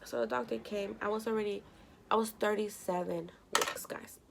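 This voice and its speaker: A woman's voice: mid-range voice, steady tone, moderate pace, slight background noise. A young woman vlogging from home, telling a story casually with lots of "like" and quoted dialogue. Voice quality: gravelly vocal fry. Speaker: beauty vlogger.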